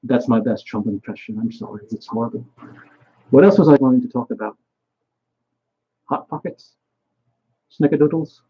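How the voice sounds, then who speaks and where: Husky young man rambling on. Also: medium pitch, normal speed, long pauses, highs cut off. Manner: rambling, swearing, trails off. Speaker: vlogger. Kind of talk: rambling solo monologue.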